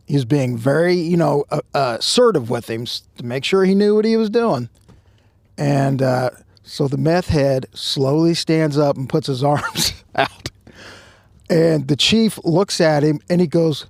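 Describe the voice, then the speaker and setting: A man with a gravelly, fry-edged voice tells a tale outdoors at a truck stop. He is animated and shouts the lines he quotes. His voice sits a little high for a man and sounds dry and close. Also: normal speed, dry recording. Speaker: podcast co-host telling a story. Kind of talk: casual storytelling.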